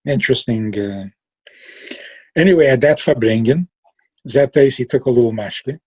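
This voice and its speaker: A man telling a story in a relaxed way, slow and reflective, trailing off and restarting and sometimes acting out the people in it. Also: mid-range voice, husky. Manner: acts out quoted voices with sudden outbursts.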